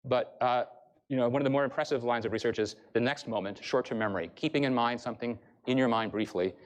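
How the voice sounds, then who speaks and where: Man, professor, rapid university lecture, explanatory, mid pitch. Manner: brisk, explanatory, addresses the audience. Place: lecture hall.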